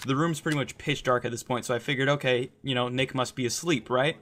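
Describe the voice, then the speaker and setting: A man's voice: mid-range voice, fast talker, a bit bright. A young man casually telling a personal story, rambling and swearing a lot, with frequent "like" and "right?". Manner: rambling, profane, lots of "like" and "right?".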